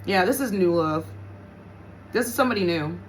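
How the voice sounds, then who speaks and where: A woman's voice: on the low side, animated, normal speed, slight background noise. A woman giving a casual tarot reading to her viewers, blunt and profane, often repeating her points for emphasis. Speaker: tarot reader.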